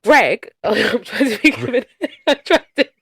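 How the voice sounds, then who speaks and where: A woman co-hosting a podcast in casual chat, a lively storyteller who swears freely and laughs often. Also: on the high side, unhurried, vocal fry, breathy edge, no echo, clean studio sound. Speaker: podcast co-host.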